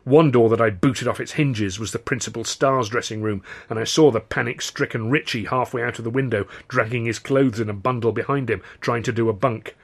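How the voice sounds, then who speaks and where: Brief: male author-narrator, husky, brisk and wry. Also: medium pitch. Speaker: author reading his novel. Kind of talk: scripted narration.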